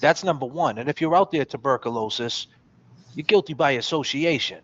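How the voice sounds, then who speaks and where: In a ranting monologue on his podcast, this host attacks his critics, combative, mocking and profane. His voice is medium-pitched and brisk, recorded without echo and with the high frequencies cut off.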